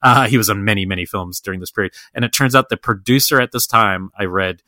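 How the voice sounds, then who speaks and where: A man's voice: lowish voice, quick pace, sharp tone, dry recording. A man co-hosting a podcast in casual film chat. He talks enthusiastically and rambles with lots of fillers and restarts. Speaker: podcast co-host.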